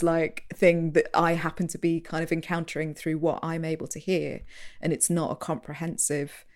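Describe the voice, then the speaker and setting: A woman talking casually as a radio curator in an interview, chatty and animated, often laughing as she makes her points. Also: low-pitched.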